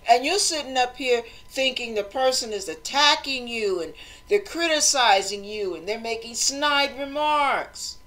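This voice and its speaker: A woman hosting a motivational talk, speaking conversationally and acting out quoted voices with lively emphasis. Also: fairly high pitch, unhurried. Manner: animated, acts out quoted voices, conversational preaching. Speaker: host.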